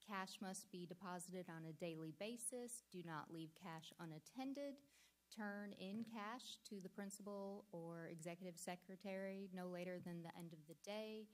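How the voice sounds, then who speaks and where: Woman, staff presenter, mid-range voice, formal, brisk. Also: medium pitch.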